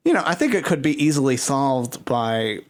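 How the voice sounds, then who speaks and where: A man from Puerto Rico, talking in a casual discussion as an animated storyteller who often restarts his sentences. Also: medium pitch, normal speed.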